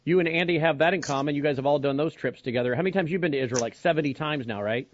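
A man's voice: on the high side, racing, slight background noise. A man hosting a broadcast talk show, explaining the news in a conversational way and asking his guests questions. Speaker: host. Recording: dry, slightly dull lo-fi sound.

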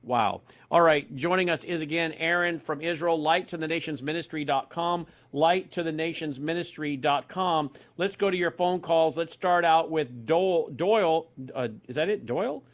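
A man hosting a radio and television call-in talk show, briskly reading out web addresses and phone numbers. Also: on the high side. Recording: muffled broadcast audio.

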